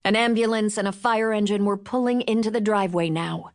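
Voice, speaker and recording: An audiobook narrator, a woman with a mid-range voice, reads a novel from a script. Her storytelling is measured and expressive.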